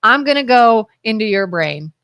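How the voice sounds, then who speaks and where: A woman co-hosting a local talk radio show, telling rambling, animated stories in casual chat. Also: a little high, normal speed, clean tone, no room sound, clean studio sound. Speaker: co-host.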